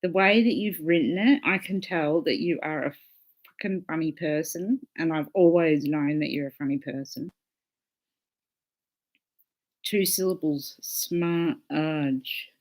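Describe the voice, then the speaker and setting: A woman's voice: low-pitched, moderate pace. A woman hosting a casual livestream, chatting with viewers in a loose, swearing, laughing way. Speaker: livestream host.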